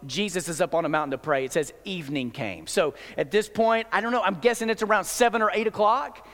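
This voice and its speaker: High-voiced man preaching in a reverberant hall. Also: quick pace, a bit bright. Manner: conversational preaching with frequent restarts. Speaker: pastor. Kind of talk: sermon.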